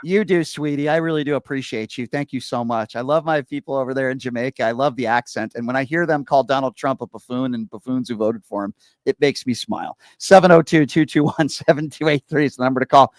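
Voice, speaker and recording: A man hosting a call-in radio talk show, lively and opinionated, taking calls on a studio mic. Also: mid-range voice, no echo. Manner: lively, opinionated, talks fast at times.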